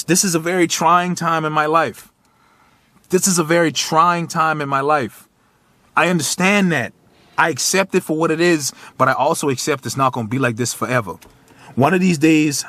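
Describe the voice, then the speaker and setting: A man's voice: a little high, a bit bright, no echo. Thirties male vlogger, preachy and emotional pep talk to camera, swearing freely, dry recording. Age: 30s. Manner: raw, profane, preachy, speaks straight to the viewer. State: tearful, choked up. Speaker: motivational vlogger. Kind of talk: emotional motivational monologue to camera.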